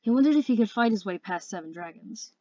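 A woman's voice: mid-range voice, lively intonation, fast talker, warm tone, no room sound, lo-fi sound. A woman reading a fantasy novel aloud as an amateur audiobook narrator, earnest and careful, with occasional slips. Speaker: audiobook reader.

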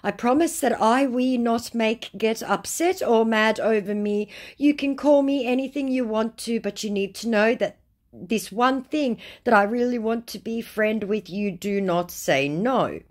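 A woman reading out the messages of a desperate male online scammer in a high, whiny, drawn-out begging voice. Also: lightly acted. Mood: pleading.

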